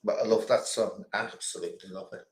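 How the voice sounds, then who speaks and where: A man's voice: on the low side, level tone, brisk, vocal fry, echoey room. A man hosting a casual quiz stream, chatting and rambling between questions. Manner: chatty, rambling, chuckling asides. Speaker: quiz host.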